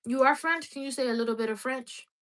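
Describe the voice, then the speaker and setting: A woman's voice: high-pitched, fast talker, fairly bright tone. A woman in her twenties chatting casually and rambling on a livestream, laughing often. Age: 20s.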